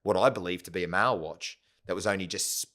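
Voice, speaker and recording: A man's voice: deep voice, fast, fairly bright tone. A man, a company founder telling his story in a casual interview, often checking in with "yeah?" and "right?". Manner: rambling, full of "yeah?" and "right?" tags. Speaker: podcast guest, company founder.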